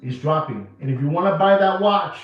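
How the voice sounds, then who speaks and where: Dude ranting about watch prices, mixing in spanish slang, big echoey room, muffled. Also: male voice, fairly high pitch, lively intonation, brisk. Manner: blunt, repetitive street talk mixed with Spanish slang. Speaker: watch dealer giving market updates. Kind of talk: casual video talk. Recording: very echoey room, distant mic, dull sound, faint music.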